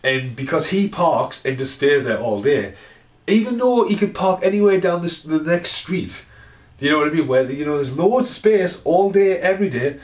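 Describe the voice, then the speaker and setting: A man's voice: a little high, animated, normal speed. A man, talking casually to camera in a rambling, sweary way at home. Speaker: vlogger. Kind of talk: casual ranting vlog. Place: at home indoors. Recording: roomy echo.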